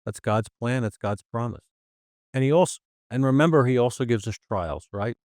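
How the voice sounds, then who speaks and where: A man's voice: medium pitch, moderate pace, darkish tone, no echo, clean studio sound. A man hosting a podcast, speaking earnestly with a preacherly cadence about faith. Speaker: podcast host. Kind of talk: earnest faith-based reassurance.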